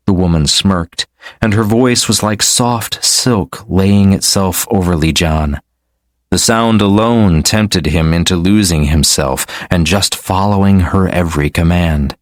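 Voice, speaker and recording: A man narrating a fantasy novel audiobook in a steady, measured storytelling manner. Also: sits low, no room sound, studio quality. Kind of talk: scripted narration.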